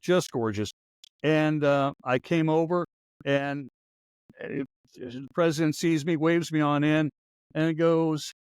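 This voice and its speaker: A man's voice: on the high side, fairly even intonation, takes it slowly, smooth, dry recording. A man in his sixties, a former radio newsman hosting a podcast, telling stories in a rambling, wry, anecdotal way. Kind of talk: casual storytelling chat.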